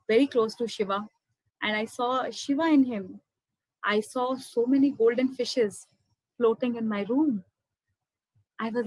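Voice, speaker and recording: A woman's voice: fairly high pitch, no room sound, poor audio. A woman, emotionally telling a personal spiritual testimony and often calling her listeners friends. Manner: heartfelt, keeps addressing listeners as friends. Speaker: speaker sharing a spiritual testimony.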